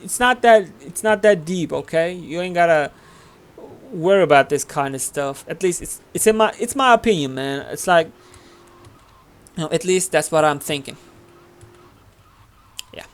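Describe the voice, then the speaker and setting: A gaming channel host from Turkey offers loose, talkative commentary on his gameplay in English with a Turkish accent, filling gaps with fillers. His fairly high-pitched voice has lively intonation and a normal speed, and he pauses often.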